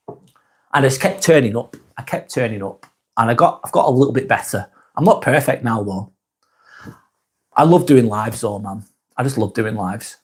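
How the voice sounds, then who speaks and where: A man hosting a live stream, reading viewers' comments aloud and chatting back in a relaxed, easygoing way. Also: mid-range voice, slightly rough. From England. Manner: laid-back, chatty, trails off softly at phrase ends.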